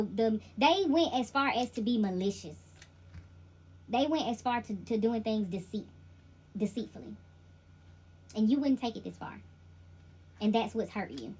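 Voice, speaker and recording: A woman with a somewhat high, breathy voice gives a tarot reading to her viewers. She talks straight at the listener in loose, slangy phrases. She circles back over her points again and again for emphasis. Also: a little mellow, poor audio. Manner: emphatic and repetitive, addresses the listener directly; informal slangy delivery. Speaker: intuitive tarot reader.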